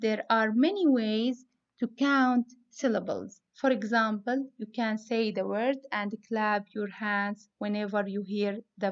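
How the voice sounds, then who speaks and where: A woman's voice: mid-range voice, lo-fi sound. A woman teacher giving a phonics lesson to young students, spelling out letters and sounds step by step. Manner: slow, deliberate, spells out letters.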